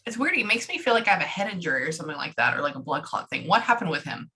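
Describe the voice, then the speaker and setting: A woman working as a psychic medium, talking fast and casually through a live reading and swearing freely. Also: deep voice, sing-song, pushed and bright. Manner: rapid, chatty, swears casually.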